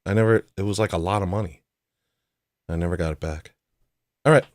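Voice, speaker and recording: A man's voice: deep voice, fairly quick, dry recording, studio quality. A man hosting a livestream show, telling a personal story in a casual, rambling way with frequent restarts.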